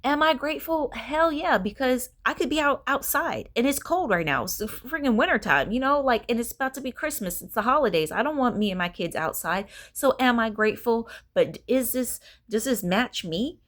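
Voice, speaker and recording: A woman's voice: on the high side, expressive, normal speed, hardly any pauses, a bit bright. A woman telling a personal story to camera in a candid, rambling way, swearing freely and sounding tired. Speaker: vlogger.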